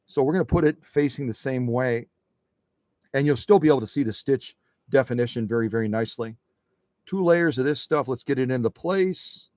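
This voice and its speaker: A man's voice: medium pitch, fairly quick, darkish tone, no echo, studio quality. A man hosting a sewing machine live stream in a workshop, chatty and folksy, often repeating his phrases. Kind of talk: casual demonstration talk.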